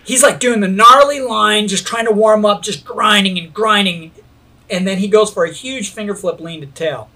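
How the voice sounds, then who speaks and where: A man with a notably high voice spins a rowdy story in loose, casual conversation. He talks in an animated rush, swears constantly and breaks into laughter along the way. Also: normal speed. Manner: animated, heavy swearing, laughs while telling. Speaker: skate videographer telling a story.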